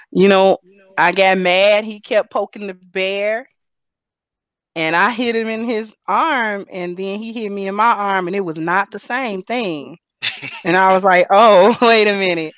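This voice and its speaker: A woman's voice: medium pitch, dry recording. A woman hosting a casual live panel chat, telling personal stories candidly and laughing through her points.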